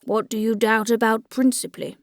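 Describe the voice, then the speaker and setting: A woman's voice: on the high side, steady tone, brisk, no echo, studio quality, lightly acted. A woman reading the part of a weary, good-natured old priest who rattles off churchly phrases in a rote rush. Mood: hurried, patient.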